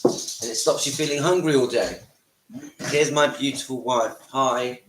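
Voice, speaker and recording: A man with a croaky voice from a cold hosts a casual livestream from his home, chatting and greeting viewers by name. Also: medium pitch, a little slow, roomy sound, slight background noise, rough recording. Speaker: livestream host. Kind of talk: casual live-stream chat.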